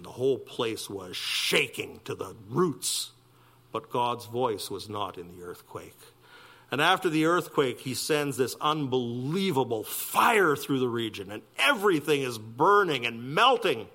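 A man, preaching a sermon with animated delivery that climbs loud and high for emphasis and drops to near whispers. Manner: animated preaching, rising loud and high for emphasis, dropping soft for quiet lines. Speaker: pastor.

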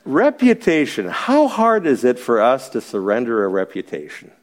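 A man's voice: medium pitch, huge pitch swings, moderate pace. A middle-aged man as a pastor, teaching a Bible study in a conversational, joking way and asking the group questions.

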